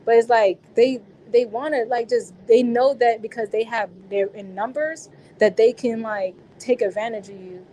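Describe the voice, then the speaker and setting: A woman's voice: on the high side, steady tone, normal speed, warm tone, slight background noise, low-quality recording. A woman being interviewed, recounting a personal experience in casual, slangy speech with frequent restarts.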